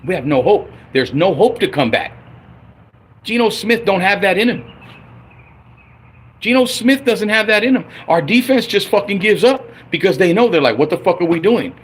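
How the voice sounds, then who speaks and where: A man ranting on a livestream about his football team, profane and heated, swinging between loud outbursts and low grumbling. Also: big pitch swings, moderate pace, pauses often, husky. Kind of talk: angry unscripted livestream rant.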